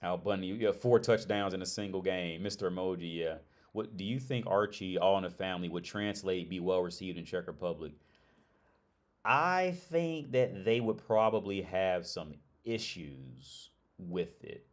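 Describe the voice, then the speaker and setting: A man living abroad in Prague hosts a casual livestream chat, speaking in a low voice at a moderate pace. He rambles and restarts his phrases as he talks to viewers.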